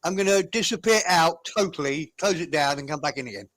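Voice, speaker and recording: A man's voice: a little high, a little fast, crowd noise. A man joining a podcast conversation remotely, speaking hesitantly with stammers. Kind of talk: casual chat.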